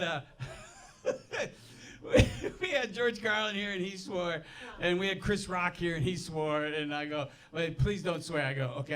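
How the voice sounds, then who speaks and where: Performing at a live venue full of laughter, this man's voice sits high with a fairly bright tone. His stand-up is rambling storytelling, full of self-interruptions, restarts, asides, and his own laughs.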